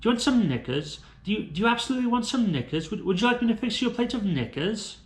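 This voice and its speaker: A man voicing a prissy posh English gentleman with a British RP accent and an affected manner. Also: high voice, big pitch swings, fast talker, echoey room, very noisy, voice pushed up. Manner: affected, fussy.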